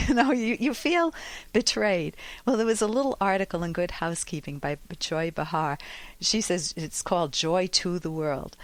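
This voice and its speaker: A woman's voice: lowish voice, animated, moderate pace, no echo. A woman hosting a radio advice show, talking expressively and acting out the phrases she quotes. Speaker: radio talk show host and psychologist.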